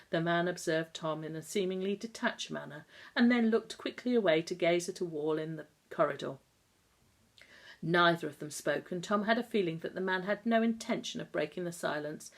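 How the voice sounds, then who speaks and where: A woman reading a novel aloud in a calm, measured way. Her voice sits notably low for a woman, steady through the narration. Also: creaky. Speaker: audiobook narrator. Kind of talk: scripted narration.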